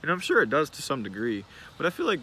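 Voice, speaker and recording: A man's voice: fairly high pitch, wildly swooping pitch, quick pace, pushed and bright, slight background noise. A man in his twenties who owns a service business, talking casually and frankly to the camera, rambling with lots of fillers. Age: 20s. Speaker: business owner, vlogger.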